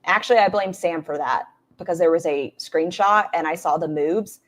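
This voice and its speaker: A woman talks over clips in a lowish voice, blunt and mocking. Her commentary is casual and full of swearing and sarcastic asides. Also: moderate pace. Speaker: commentary streamer reacting to clips.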